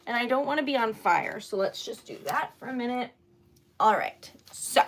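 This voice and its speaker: A woman's voice: a little high, animated, normal speed, slight background noise. A woman hosting a casual craft livestream, chatting and giggling often as she greets viewers. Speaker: livestream host making wax seal stickers.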